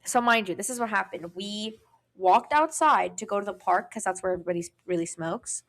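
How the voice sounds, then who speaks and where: Animated young woman telling a wild story. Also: medium pitch, brisk. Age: young adult. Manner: animated, profane, acts out quoted voices. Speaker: podcast co-host. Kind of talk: casual storytelling chat.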